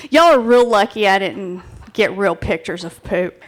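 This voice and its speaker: A woman presenting a playful, crude comic talk on stage at a live bar show, excitable and chatting with the crowd. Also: medium pitch, moderate pace, few pauses.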